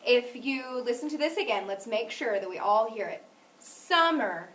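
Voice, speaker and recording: A woman teaching a phonics lesson, speaking clearly and deliberately and stressing each example word. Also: a little high, slight background noise. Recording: echoey room, mic at a distance.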